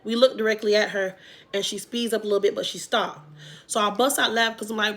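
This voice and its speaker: A woman vlogger telling a storytime to her viewers in a casual, animated way, with emphatic loud bursts. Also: medium pitch, fast talker, heavy background noise.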